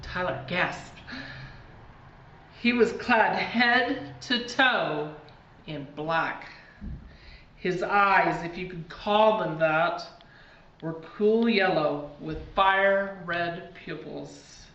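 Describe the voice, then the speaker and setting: A woman reads a spooky children's book aloud at a slow, deliberate pace, leaning into the drama. Her voice is bright and forceful. The recording sounds distant and roomy, a little dull, with a faint hiss. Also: lowish voice. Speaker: reader. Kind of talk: storybook reading aloud.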